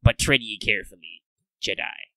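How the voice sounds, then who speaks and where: Man playing a gruff pirate thug guarding a door, growly, bright edge. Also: on the low side, animated, moderate pace, dry recording, heavily acted, poor audio. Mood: wary. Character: gruff male pirate-voiced doorman thug.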